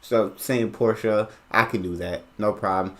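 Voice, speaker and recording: A man's voice: deep voice, fairly even intonation, normal speed, sharp tone. A man from the United States hosting a reaction video, chatting casually and playfully repeating words to try them out.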